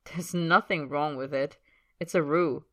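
A woman voicing a calm, curious young man who speaks quietly and reasonably in a storybook reading. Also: low voice, measured pace.

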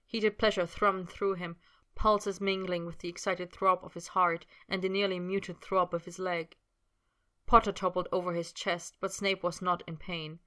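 A woman reading a fan fiction story aloud in steady, unhurried narration. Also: lowish voice. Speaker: reader.

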